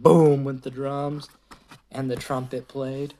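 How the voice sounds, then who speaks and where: A young woman reading a picture book aloud at home, animated and sing-song. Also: a bass voice, slow pace.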